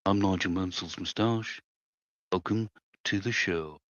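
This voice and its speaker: A man voicing a talking moustache of a famous racing driver, in a slow, mock-solemn announcer delivery. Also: deep voice, fairly bright tone, dry recording, muffled recording, pitched below the performer's own voice.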